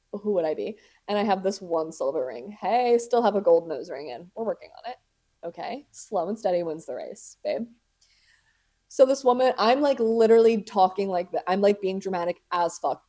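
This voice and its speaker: A woman's voice: on the low side, mellow. A young woman hosting a podcast, telling a story in casual chat, dramatic and profane, laughing often. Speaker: podcast host.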